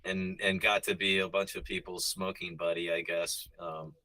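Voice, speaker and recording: Deep-voiced rambling male guest. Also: level tone, normal speed, pushed and bright, rough recording. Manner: rambling and reminiscing, with many restarts. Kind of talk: casual chat.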